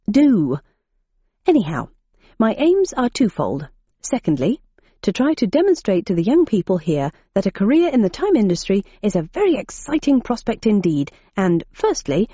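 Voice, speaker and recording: A woman's voice: mid-range voice, warm tone, husky, dry recording. A woman voicing a youthful male captain giving a recruitment talk, earnest and tangled in his own words. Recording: dull muffled audiobook recording.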